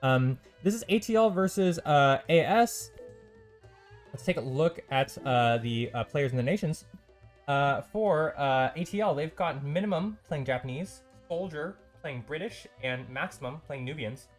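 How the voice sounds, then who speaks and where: A man hosts a live stream and casts a strategy game tournament solo, talking loosely with lots of ums and uhs and the occasional dry, sarcastic aside. His voice is a little high with lively intonation and a measured pace, with faint music behind.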